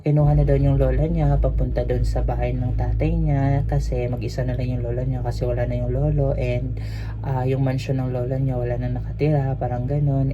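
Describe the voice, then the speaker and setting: A speaker from the Philippines with a Filipino accent, a cruise ship crew member telling a story in a rambling, casual way full of fillers. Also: mid-range voice. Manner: rambling, mixes Tagalog and English, many fillers. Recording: dull lo-fi sound with faint hiss.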